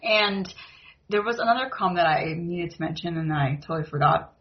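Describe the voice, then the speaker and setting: A woman's voice: lowish voice, normal speed. A woman co-hosting a podcast, chatting casually about a TV episode with lots of fillers and laughs. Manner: chatty, giggly, filler-heavy. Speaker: podcast co-host. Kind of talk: casual TV recap chat. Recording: muffled lo-fi audio.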